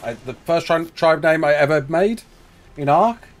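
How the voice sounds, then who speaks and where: A man's voice: on the high side, expressive, measured pace. Chatty male gameplay streamer. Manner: chatty, reads chat aloud, talks himself through building. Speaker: live streamer. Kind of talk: casual gameplay live-stream chat.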